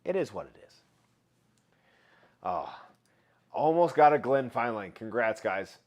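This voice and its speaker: A man's voice: mid-range voice, sing-song, unhurried. Chatty laughing man hosting a livestream. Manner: chatty, laughs often, reads chat aloud. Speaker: livestream host. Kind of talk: casual livestream chat.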